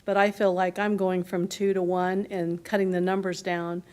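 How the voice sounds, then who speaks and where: A woman county commissioner giving her view at a board meeting, halting and repeating herself. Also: lowish voice, level tone, darkish tone. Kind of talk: board discussion.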